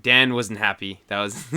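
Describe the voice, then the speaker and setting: A man co-hosting a casual podcast with a bright, forceful voice. He rambles, laughs a lot and lets sentences trail off halfway. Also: mid-range voice. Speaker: podcast co-host. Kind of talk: casual chat.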